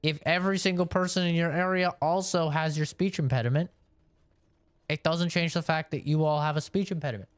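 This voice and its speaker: A man from Canada ranting on a live game stream, opinionated and animated, spelling words out letter by letter. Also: fairly high pitch, a little fast, smooth, dry recording. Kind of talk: casual rant during a live game stream.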